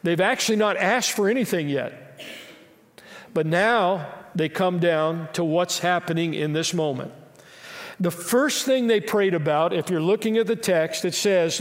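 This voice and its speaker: A man's voice: high voice, moderate pace. A man preaching a sermon to his congregation. He asks emphatic rhetorical questions and drops in humorous asides. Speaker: pastor. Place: church sanctuary. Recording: long hall reverb.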